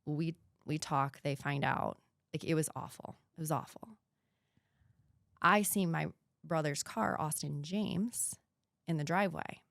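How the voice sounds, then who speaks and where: A woman in her thirties talks through a painful personal story as a podcast guest. Her voice sits low, and she speaks earnestly, sometimes dropping to a hushed whisper. The recording is dry and close. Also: a little slow, creaky, no echo.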